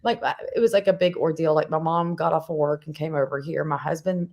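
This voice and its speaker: A woman's voice: deep voice, fairly even intonation, a little fast, a little mellow, dull audio. A woman co-hosting a live online show, chatting casually and telling stories with a giggle. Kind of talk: casual livestream chat.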